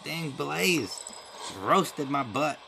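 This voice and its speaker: A man's voice: a little high, animated, extremely slow, vocal fry, bright, forceful tone, a little hiss or hum, low-quality recording. A man giving casual running commentary while opening crates and playing a game, talking to himself. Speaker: gaming video creator.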